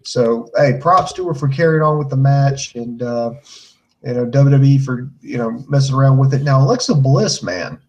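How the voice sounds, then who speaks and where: A man's voice: mid-range voice, moderate pace, highs cut off. A man co-hosting a podcast, recapping a wrestling show with lots of fillers and crude jokes. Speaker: podcast co-host.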